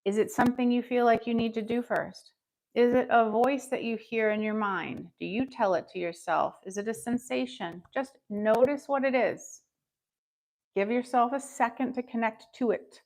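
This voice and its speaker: A woman's voice: fairly high pitch, moderate pace, a little mellow. A woman leading a live tapping session, upbeat and encouraging, reading out viewers' scores and having them repeat phrases after her. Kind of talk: guided tap-along with live chat check-ins.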